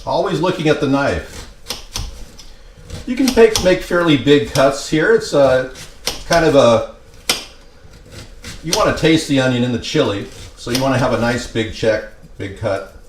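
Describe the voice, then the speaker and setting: A man giving a casual home cooking demonstration, chatty and tossing in deadpan joking asides as he works at the stove. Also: mid-range voice, normal speed, background noise. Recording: kitchen clatter of pots and pans behind.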